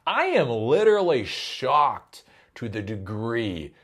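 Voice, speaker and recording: Man ranting, profane, lively pitch. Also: moderate pace. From Ohio, US. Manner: profane, exasperated ranting with sudden loud outbursts. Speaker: tech commentary host. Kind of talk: ranting commentary vlog.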